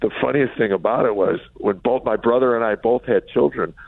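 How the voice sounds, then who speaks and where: The middle-aged Chicago comedian, also an author, talks a little fast in a mid-range voice with vocal fry. As an interview guest, he recounts candid family stories wryly and reflectively, acting out their lines, recorded dry over a phone line with no room sound.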